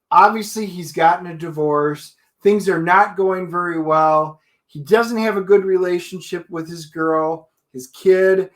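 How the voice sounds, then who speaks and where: Animated guy cohosting a movie chat, laughs easy, pretty high voice. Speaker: co-host, movie reviewer. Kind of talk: casual chat.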